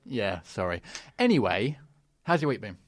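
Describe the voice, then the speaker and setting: A man's voice: lowish voice, very animated, moderate pace, dry recording, clean studio sound. Self-deprecating podcast co-host man. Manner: self-deprecating, laughs at himself. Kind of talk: casual podcast chat.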